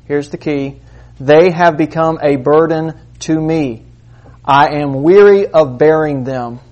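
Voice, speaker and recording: A man preaching a sermon, moving between quiet asides and loud, emphatic points. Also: on the high side, slow. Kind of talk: sermon with demonstration.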